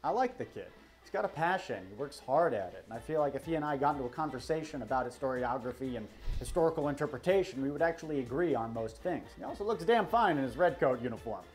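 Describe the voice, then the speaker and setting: A man's voice: mid-range voice, animated, quick pace, faint music behind. A man giving scripted video commentary in a wry, self-critical and emphatic way. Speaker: history video creator.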